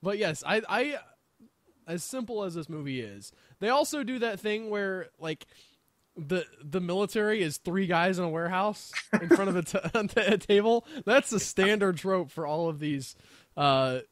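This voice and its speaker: Excited guy rambling on a podcast, highish voice, dry sound, lots of likes and ums. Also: moderate pace, no room sound. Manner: enthusiastic, rambling with many fillers. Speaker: podcast co-host. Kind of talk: casual chat.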